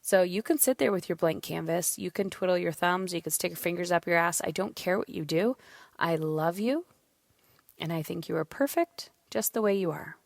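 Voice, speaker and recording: A woman in her thirties talks through a personal story on her podcast, lively and frank and not shy about swearing. Her voice sits a little low. The sound is dry and close, with no room echo. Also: normal speed, vocal fry. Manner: candid, swears freely, animated storytelling. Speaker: podcast host. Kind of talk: casual solo monologue.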